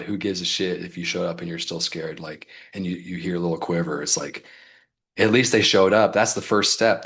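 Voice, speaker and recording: A man's voice: deep voice, gravelly, fairly bright tone. A man coaching his audience in a casual livestream, loose and fired up, peppering his talk with "like" and mild swearing. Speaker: business coach.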